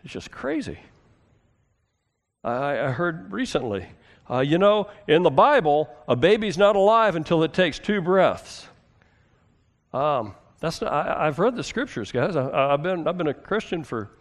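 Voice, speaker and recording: Preaching as a pastor, a man speaks conversationally, posing questions to the congregation and shifting between emphatic and hushed delivery. His voice sits on the high side, very animated, and he never rushes.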